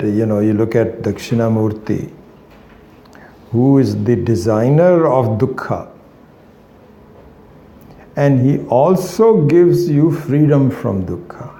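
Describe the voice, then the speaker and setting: A man giving a spiritual lecture, rambling and hesitant, weaving in anecdotes with many pauses and fillers. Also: mid-range voice, warm tone, roomy sound. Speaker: spiritual teacher.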